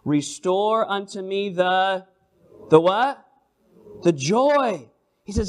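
A man with a notably high voice preaches a sermon. He moves between emphatic, rising calls and quiet, drawn-out readings of scripture. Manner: expressive preaching, swings from emphatic to hushed; reads scripture slowly in old-style wording.

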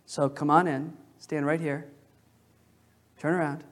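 A male pastor preaching a sermon in a church, questioning the congregation and slowing down to stress key phrases. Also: on the high side, flat delivery. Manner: emphatic, slows down on key phrases. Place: church sanctuary.

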